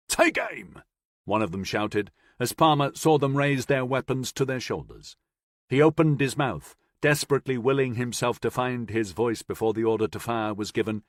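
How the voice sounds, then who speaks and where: A man narrating an audiobook in a steady, measured storytelling manner, recorded on a close mic. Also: mid-range voice, no room sound. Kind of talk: scripted narration.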